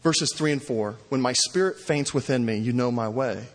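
A man's voice: mid-range voice, moderate pace. A pastor preaching a sermon, telling stories and acting out cries for help as he goes. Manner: storytelling preacher, varies pace, acts out cries. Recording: long reverb in a large hall.

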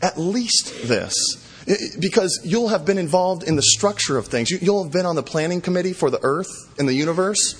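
Husky man preaching in a big hall. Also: high voice, fast, hardly any pauses. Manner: animated, acts out God's sarcastic taunts. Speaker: pastor. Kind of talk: sermon.

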